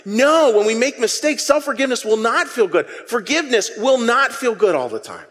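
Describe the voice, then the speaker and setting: An animated male pastor preaching with a fairly high voice. He talks to the congregation in a conversational way and gets them to call phrases back. His voice rings with the long reverb of a church hall. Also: normal speed. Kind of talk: sermon.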